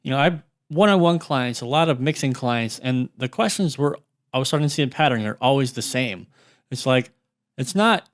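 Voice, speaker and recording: A man talking casually as a guest over a video call, explaining with relaxed, dry sarcasm. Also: mid-range voice, moderate pace. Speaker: guest, drum programming course creator.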